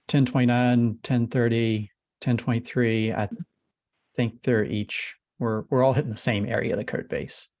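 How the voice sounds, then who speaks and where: A man runs a casual technical discussion over a video call, keeping his voice in a flat monotone. His pitch sits mid-range, and the sound is close and dry, with no room echo. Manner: self-described monotone delivery. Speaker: meeting lead.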